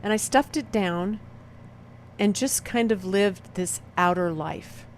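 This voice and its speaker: A middle-aged woman speaks with quiet intensity, letting long pauses hang between her phrases as she recounts her own past. Her voice sits in a middle register, neither high nor low. A faint background noise runs under the recording. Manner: slow, heavy dramatic pauses, quiet intense delivery. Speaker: motivational speaker. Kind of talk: emotional personal testimony talk.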